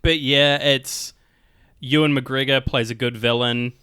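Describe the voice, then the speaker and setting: A man's voice: medium pitch, steady tone, measured pace, pushed and bright, clear, resonant tone, no echo, clean studio sound. A young man chatting casually as a podcast co-host, rambling with lots of fillers and frequent laughs. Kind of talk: casual chat.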